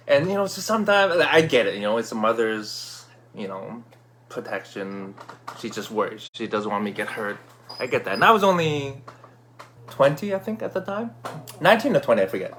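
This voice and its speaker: A man casually telling a personal story, acting out his own excited shouts. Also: medium pitch, normal speed, slight background noise. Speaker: vlogger.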